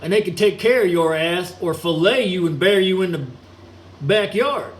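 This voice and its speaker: A man's voice: high voice, lively intonation, moderate pace. A man delivering a crude, mocking, rambling rant, chuckling now and then. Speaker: solo ranting vlogger. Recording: echoey room with air conditioning hum.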